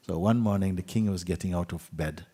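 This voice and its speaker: A man with a very low, husky voice tells a story gently and without hurry. His lines often fade to near-quiet endings. He speaks in a retreat hall with a long, lingering reverb. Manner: gentle, unhurried storytelling with soft trailing endings. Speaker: spiritual teacher.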